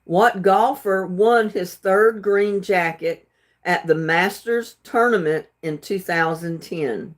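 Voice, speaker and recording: Reading out trivia questions on a casual livestream, this woman speaks slowly in a lowish voice and chats with viewers. Laughter comes often, and so do stumbles over words.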